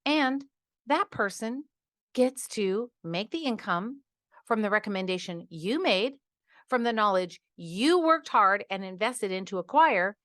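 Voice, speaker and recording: A middle-aged woman hosting a podcast, ranting in an animated, exasperated way and acting out patients in quoted asides. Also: medium pitch, measured pace, no echo, studio quality. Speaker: podcast host. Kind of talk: casual podcast monologue.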